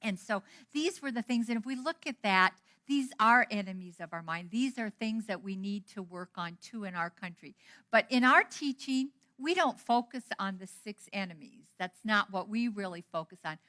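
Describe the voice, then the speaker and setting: A middle-aged woman minister giving a storytelling sermon, animated and acting out the dialogue she quotes. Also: medium pitch, normal speed. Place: church hall.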